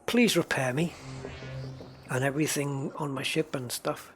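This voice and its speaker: A man's voice: on the high side, a little slow, pauses often, a little hiss or hum. A man giving casual gameplay commentary, chatty, talking to himself and the game and chuckling often. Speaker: gamer narrating his play.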